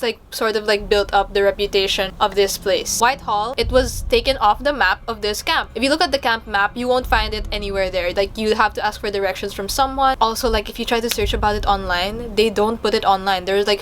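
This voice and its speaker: A woman's voice: a bit bright, a little hiss or hum. A young woman from the Philippines tells a story in a casual, chatty way, full of fillers like "like.". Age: young adult. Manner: chatty, filler-heavy, acts out quotes in a higher voice. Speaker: storytime vlogger.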